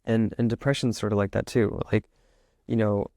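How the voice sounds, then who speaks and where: A man's voice: lowish voice, steady tone, moderate pace, a little mellow, no echo, studio quality. A man speaking as a podcast guest in a casual, rambling way, filling his talk with "like" and acting out the thoughts he describes. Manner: rambling, heavy use of "like", acts out inner thoughts. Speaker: podcast guest, author and musician.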